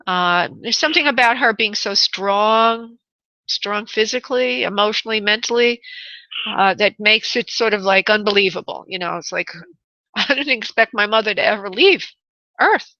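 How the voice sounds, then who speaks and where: A woman's voice: mid-range voice, normal speed, pushed and bright, dry recording, highs cut off. A woman hosting a call-in psychic reading, soothing and calling the caller honey and love. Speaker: psychic medium host.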